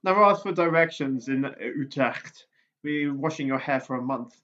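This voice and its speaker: A half-Dutch woman guest on a podcast, chatting casually with wry, deadpan jokes. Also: a bass voice, normal speed. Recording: dull lo-fi sound.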